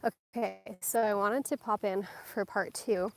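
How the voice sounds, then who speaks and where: A woman's voice: mid-range voice, fairly even intonation, slow pace, slight background noise. A young woman chatting casually while walking her dog outdoors, a little out of breath, filming on her phone. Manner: chatty, distracted, laughing often, slightly out of breath. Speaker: lifestyle vlogger. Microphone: handheld phone.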